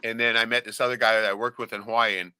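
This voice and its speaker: A man's voice: lowish voice, flat delivery, rapid-fire, pushed and bright, clear, resonant tone, no room sound. A man telling stories in casual chat, bluntly and with constant swearing. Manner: swears constantly, blunt storytelling with lots of "right?".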